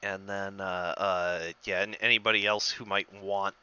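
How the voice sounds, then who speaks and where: A man narrating as game master of a tabletop game, halting and repeating words as he describes scenes. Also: sits low, little pitch movement, sharp tone, smooth, highs cut off.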